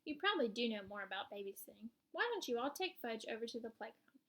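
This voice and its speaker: A woman's voice: on the high side, very animated, fast. A woman voicing a fretful mother of two boys in a children's storybook reading, anxious and coaxing.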